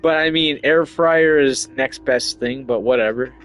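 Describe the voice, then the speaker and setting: A man's voice: medium pitch, unhurried, fairly bright tone, rough recording. A man chatting casually while gaming with friends, swearing a lot, joking and laughing often. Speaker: gamer streaming with friends. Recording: dry close mic with faint game music.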